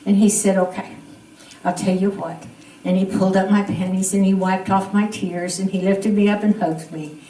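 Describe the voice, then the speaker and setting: A woman's voice: medium pitch, brisk, hardly any pauses, a little hiss or hum. Older woman telling folksy stories. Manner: folksy, animated. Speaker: church member telling a story. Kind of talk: humorous personal storytelling. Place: church gathering room. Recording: roomy, distant mic.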